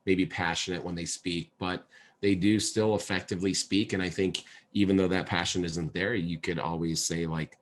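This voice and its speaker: A man's voice: sits low, steady tone, moderate pace. A man hosting a podcast, speaking hesitantly with many fillers. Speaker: podcast host. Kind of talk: casual interview chat.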